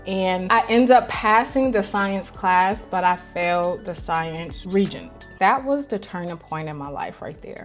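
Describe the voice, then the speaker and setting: A woman in her thirties from New York telling her own life story in a candid, emotional vlog, talking straight to her viewers. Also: medium pitch. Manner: candid, confiding, emotional, calls listeners "girl". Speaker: vlogger. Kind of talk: personal storytelling to camera.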